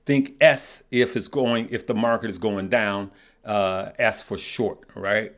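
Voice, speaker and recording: A man's voice: lowish voice, fairly even intonation, takes it slowly, a bit bright. A middle-aged man hosting a live stock market show, talking loosely with viewers, often repeating words and checking in with "right?" and "okay?". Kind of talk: casual live-stream chat reading viewer comments.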